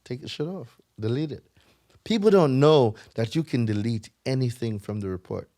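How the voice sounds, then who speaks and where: Man, Jamaican accent, podcast guest, emphatic, lecturing, profane, mid pitch. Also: normal speed, warm tone. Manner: emphatic, lecturing, swears freely. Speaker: podcast guest, credit repair author. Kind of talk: casual podcast chat.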